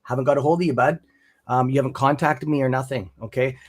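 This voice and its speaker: A man's voice: mid-range voice, steady tone, quick pace. Rambling Canadian man on a live stream. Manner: rambling, friendly, calls viewers brother and bud. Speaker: stock trading stream host. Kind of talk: casual live-stream chat.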